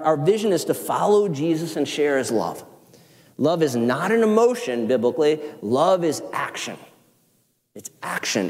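A man with a Southern accent, a pastor preaching a sermon in an animated, conversational way with self-deprecating asides. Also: on the high side. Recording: long hall reverb.

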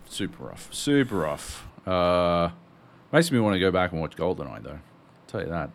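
A man's voice: deep voice, big pitch swings, a little fast, vocal fry. A man co-hosting a podcast in casual chat, swearing freely in incredulous rants. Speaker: podcast co-host.

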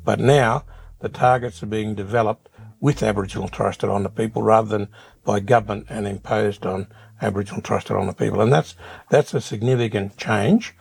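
An older Australian man answering interview questions in a measured way, often repeating words as he thinks. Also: fairly low pitch, fairly even intonation, creaky, a little mellow, breathy edge. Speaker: interview guest.

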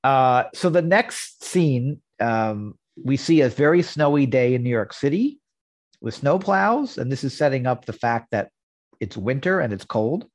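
A man with a husky voice recaps a sitcom scene casually. His pitch moves a lot as he reads quotes aloud and chats between them. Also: expressive, measured pace, no room sound. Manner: reads quoted lines plainly, chatty asides. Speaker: podcast host.

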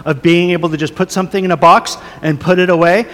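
A man's voice: high voice, fairly even intonation, quick pace. Pastor, male, 30s, confessional sermon delivery, long hall reverb. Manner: earnest, confessional, many fillers and restarts, soft prayerful then rising emphatic. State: a little emotional.

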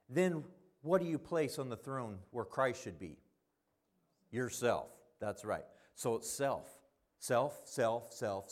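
A middle-aged man preaching a sermon, telling stories and swinging between quiet asides and loud emphasis. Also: medium pitch.

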